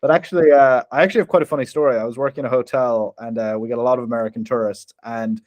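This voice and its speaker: A man's voice: medium pitch, fairly even intonation, rapid-fire, a little mellow, no room sound. A young Irish man co-hosting a casual film review chat, chatty and laughing often, with frequent restarts. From Ireland. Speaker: podcast co-host.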